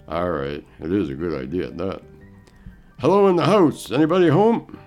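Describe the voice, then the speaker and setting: A man's voice: very deep voice, brisk, a little mellow, soft background music. A man voicing a wry, blunt cowboy traveler. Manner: teasing, blunt.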